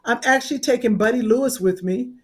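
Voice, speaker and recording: A woman co-hosting a casual podcast, talking loudly with laughter and halting restarts. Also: on the high side, husky. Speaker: co-host.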